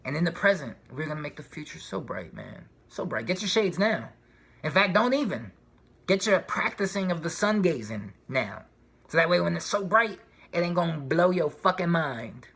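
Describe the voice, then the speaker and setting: Man, vlogger, bright tense voice, slangy, profane, rambling, animated rant. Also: a little high, moderate pace, vocal fry. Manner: slangy street talk. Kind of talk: casual spiritual rant to camera.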